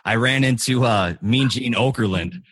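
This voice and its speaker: A male podcast host runs a casual interview, asking questions in a friendly, chatty manner. He speaks at a normal speed in a medium-pitched, husky voice with a fairly bright tone.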